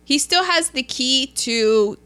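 Animated, bright-voiced woman podcaster. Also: high-pitched, slow, clean tone. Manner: animated, laughs often, acts out quotes. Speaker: podcast co-host. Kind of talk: casual chat recapping a film.

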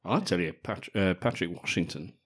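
A man's voice: low voice, expressive, moderate pace, a bit bright, slightly rough. A man co-hosting a podcast, joking and laughing often as he chats about a film. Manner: jokey, laughs often, teasing. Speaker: podcast co-host. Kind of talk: casual film-review chat.

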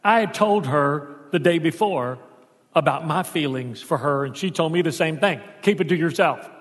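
Texas pastor man telling a story in church, acts out the voices, kinda high voice, big echoey hall. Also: moderate pace. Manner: animated storyteller acting out dialogue. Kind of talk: storytelling sermon. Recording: long church hall reverb.

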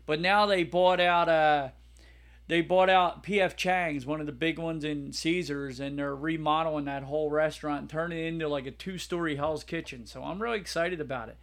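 Excitable podcast co-host, slightly high-pitched man, rambling and loose. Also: moderate pace. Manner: excitable, laughs loudly, rambling. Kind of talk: casual chat.

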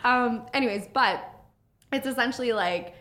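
Lively woman just chatting on a podcast, cusses a lot, mid-range voice. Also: medium pitch, brisk. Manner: animated, swears freely, acts out quotes. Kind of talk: casual podcast chat.

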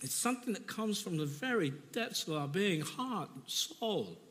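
A man preaching a sermon, telling his own testimony earnestly and emotionally, with halting repeats. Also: high-pitched, big pitch swings, a bit bright, long reverb tail, slight background noise.

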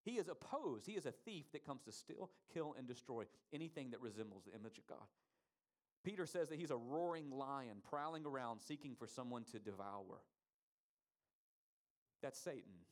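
A man's voice: medium pitch, animated, moderate pace, darkish tone. A man preaching a sermon, asking the congregation rhetorical questions and stressing key words. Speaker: pastor.

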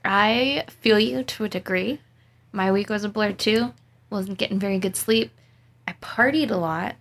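A young woman co-hosts a casual, adults-only podcast with a creaky, gravelly texture to her mid-pitched voice. She rambles through stories, swearing freely and laughing at her own misfortunes. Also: measured pace, fairly bright tone. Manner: profane, rambling storytelling with laughs. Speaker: podcast co-host, dog groomer. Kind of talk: casual chat.

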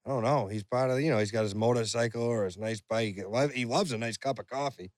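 A man's voice: mid-range voice, quick pace, no echo, clean studio sound. A man co-hosting a podcast, chatting casually and laughing often. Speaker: podcast co-host. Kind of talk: casual chat.

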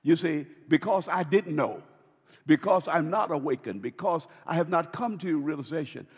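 A man preaching a sermon as pastor, swinging between loud and hushed with dramatic pauses. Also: a little high, breathy edge, in a large hall.

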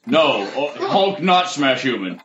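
A man's voice: mid-range voice, sing-song, slow, a bit bright, slight background noise, voice pushed down. A man playing a male thunder god who pleads hesitantly, with fillers and restarts. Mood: pleading. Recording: roomy, dull lo-fi sound.

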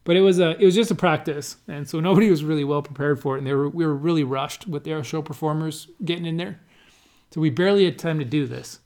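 A man casually recounting flights at an air race event, pausing and restarting often and laughing now and then. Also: fairly high pitch, darkish tone. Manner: halting, many restarts and fillers, laughs while telling. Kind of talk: casual conversational recollection.

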